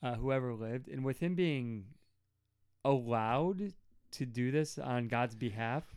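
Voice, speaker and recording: Animated man chatting about scripture. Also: mid-range voice, unhurried, clear, resonant tone, no room sound, clean studio sound. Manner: animated, acts out quotes with sudden loud jumps. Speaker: podcast co-host. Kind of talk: casual Bible study chat.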